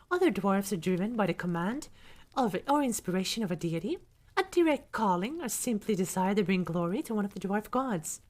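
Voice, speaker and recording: Young woman reading aloud for ASMR. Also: mid-range voice. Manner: soft reading that breaks into chatty asides to chat. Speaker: livestreamer.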